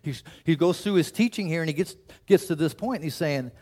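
A man delivers a sermon in a loose, conversational way, his voice sitting slightly high for a man. He often stumbles and restarts mid-sentence, then slips into short acted-out quotes to make his point. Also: a little fast, a little mellow. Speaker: pastor.

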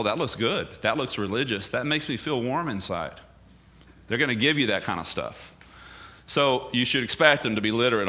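A man's voice: medium pitch, bright, forceful tone. A male pastor giving a sermon in an emphatic, conversational way, full of rhetorical questions.

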